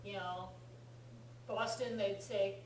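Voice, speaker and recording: A woman's voice: mid-range voice, fairly even intonation, slow. American woman teaching, roomy and distant. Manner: explanatory and encouraging, many fillers. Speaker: language teacher. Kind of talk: casual language lesson. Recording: roomy room from far off, faint hum.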